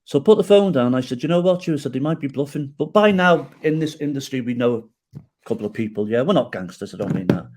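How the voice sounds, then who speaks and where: A man's voice: medium pitch, fast, darkish tone. A middle-aged man telling his own story as a podcast guest, acting out quoted dialogue and often checking in with the host. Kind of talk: storytelling in an interview.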